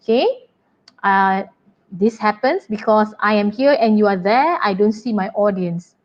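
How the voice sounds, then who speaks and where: A woman teaching an online writing lesson, brisk and chatty as she talks to her pupils. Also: mid-range voice, animated, muffled recording. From Malaysia. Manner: brisk, chatty and apologetic, addressing pupils warmly. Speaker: English teacher.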